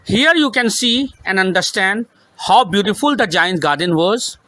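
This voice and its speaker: A male teacher reading a children's story aloud with emphasis, pausing to repeat and explain each line in simple words. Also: sits high, animated, sharp tone, low-quality recording.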